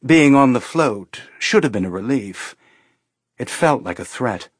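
A man's voice: mid-range voice, husky, no room sound. Man narrating, dry close sound. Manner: measured, steady. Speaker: audiobook narrator. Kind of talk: scripted narration.

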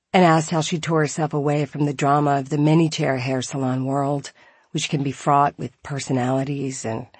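A woman's voice: sits low, a little mellow, husky, no echo. A woman reading her own memoir aloud in a reflective, wry manner, close to the mic. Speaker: memoir narrator.

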